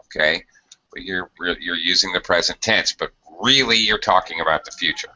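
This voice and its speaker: A man teaching an English grammar lesson, explaining slowly and patiently with frequent fillers. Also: low voice, sharp tone. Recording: dull lo-fi audio.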